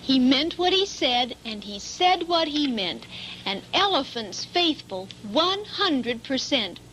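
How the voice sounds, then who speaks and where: Lady reading a kids story in a singsong way, slow and really lively. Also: high voice, slight background noise, poor audio.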